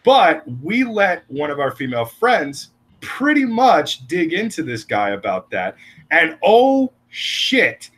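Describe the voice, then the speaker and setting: Crude podcast co-host, man, animated and sharp-toned, talks in restless bursts. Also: on the high side. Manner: rambling, profane, fast bursts with restarts. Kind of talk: casual crude podcast banter.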